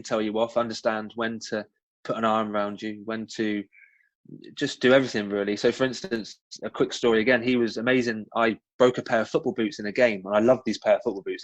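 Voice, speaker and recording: With a West Country accent and a medium-pitched voice, this ex-pro footballer from the West Country of England gives casual interview answers as a guest. He's chatty and tells stories animatedly, full of ums and restarts, with no echo on the recording.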